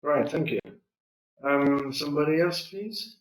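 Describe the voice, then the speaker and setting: A man's voice: fairly high pitch, measured pace, reverberant, recorded from a distance, poor audio. A male English teacher leading a classroom lesson, patiently prompting students and repeating their answers.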